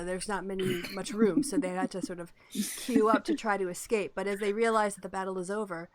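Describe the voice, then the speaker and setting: A woman running a tabletop game as game master, chatty and quick to laugh. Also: medium pitch, a little hiss or hum.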